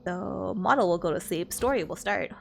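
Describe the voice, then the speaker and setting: A woman's voice: lowish voice, normal speed, creaky, soft background music. A woman streaming a game, chatting casually with viewers, giggling often. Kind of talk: casual live-stream chat.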